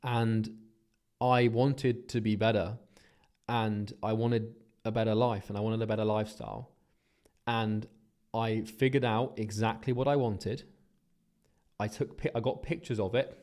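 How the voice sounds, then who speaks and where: A man's voice: lowish voice, darkish tone. A man, talking earnestly and bluntly in a motivational vlog monologue, swearing freely and restarting his sentences. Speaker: business coach.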